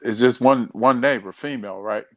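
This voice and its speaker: A man's voice: mid-range voice, normal speed, dry recording. A male comedian on a talk show, joking and rambling, often restarting his phrases. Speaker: comedian guest.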